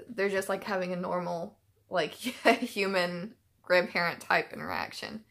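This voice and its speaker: A woman with a mid-range, fairly bright voice hosts a YouTube reaction channel. She chats casually and emotionally, full of filler words and restarts.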